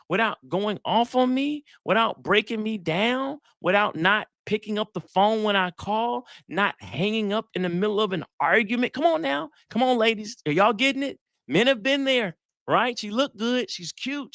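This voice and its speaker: A middle-aged man, a psychologist giving a lively live talk. He tells stories, acts out the dialogue and keeps asking the crowd if they get it. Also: sits high, no room sound, studio quality. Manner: animated storytelling, acts out dialogue, asks the crowd questions. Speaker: psychologist giving relationship advice.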